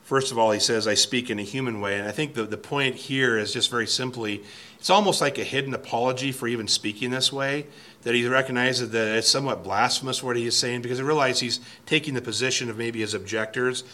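Male Bible teacher, bright tone, thoughtful verse-by-verse delivery that reads quotes aloud. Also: medium pitch, fast talker.

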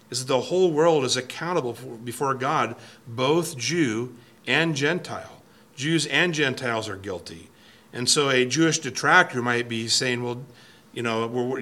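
A male Bible teacher with a bright tone and medium pitch goes through the text verse by verse. His delivery is thoughtful, and he reads quotes aloud.

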